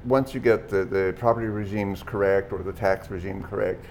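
Gravelly low-voiced male interviewer. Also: steady tone, normal speed, a little mellow, a little hiss or hum. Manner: skeptical, challenging. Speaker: interviewer and host. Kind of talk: probing interview questions.

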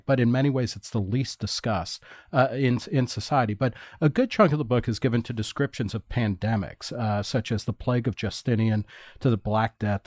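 A man's voice: medium pitch, a little mellow, no room sound, studio quality. A man interviewing an author, framing long questions with hesitant fillers. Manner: hesitant, many "you know" fillers. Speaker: interviewer host.

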